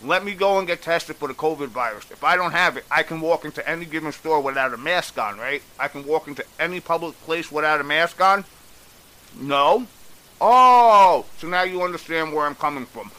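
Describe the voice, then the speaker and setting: A man's voice: fairly high pitch, moderate pace, bright, forceful tone, poor audio. A man giving a blunt, exasperated opinion rant, swearing freely as he recaps and criticizes. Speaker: commentator. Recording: faint hiss.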